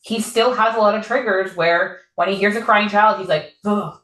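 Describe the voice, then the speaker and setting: A woman's voice: medium pitch, fairly even intonation, normal speed, a bit bright. A woman in her thirties, co-hosting a podcast, talking candidly in a rambling, casual way and laughing often. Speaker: podcast co-host. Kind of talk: casual chat. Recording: echoey room.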